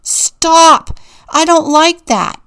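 A woman voicing an easily angered young male animal with a horn in a storybook reading, grumbling and yelling. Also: lowish voice, slow pace, vocal fry, exaggerated voice. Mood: furious.

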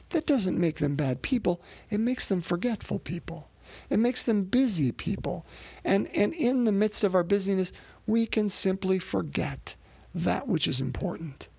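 Husky, gravelly-voiced pastor preaching conversationally. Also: male voice, high voice, darkish tone, no room sound. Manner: conversational, repeats words, addresses the congregation. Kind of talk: sermon.

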